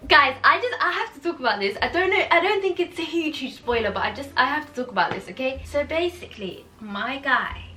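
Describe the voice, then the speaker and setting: A young woman in a casual reading vlog at home, chatting with animated, exasperated energy and laughing between thoughts. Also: sits high. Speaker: book vlogger. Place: home room in the evening. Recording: voice a bit far from mic with music.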